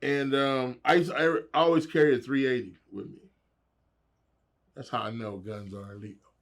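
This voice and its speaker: A man's voice: mid-range voice, fairly even intonation, moderate pace. A middle-aged man telling wild stories as a guest in a casual interview, laughing and acting out the voices of people he quotes.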